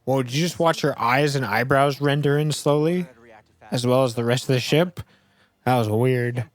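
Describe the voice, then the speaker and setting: A man giving casual let's play commentary on a game he is playing, excitable, laughing often, swearing and yelling at the screen. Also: mid-range voice, normal speed. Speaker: gaming video creator.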